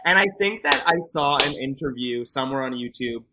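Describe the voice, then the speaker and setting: A man from Montreal, a guest on a comedy podcast, chatting in an animated, campy way and jumping into high voices when he quotes people. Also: brisk, heavy background noise. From Montreal, Canada. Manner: animated, camp, jumps into high quoting voices. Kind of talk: casual comedic chat.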